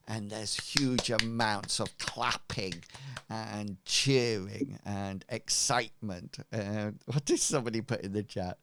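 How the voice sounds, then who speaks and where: A man narrating as game master in an online tabletop game, casual and halting with many fillers. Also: fairly low pitch, bright, forceful tone, dry recording, studio quality.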